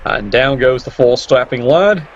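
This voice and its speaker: A man's voice: medium pitch, animated, a little slow. A man commentating a video game match in a sarcastic, teasing way. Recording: dull lo-fi mic with faint hiss.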